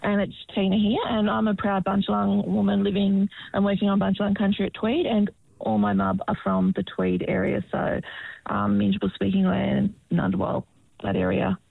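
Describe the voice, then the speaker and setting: Husky woman on a phone line. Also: medium pitch, flat delivery, normal speed, no echo. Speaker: guest, program leader. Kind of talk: radio interview. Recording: rough phone-line sound.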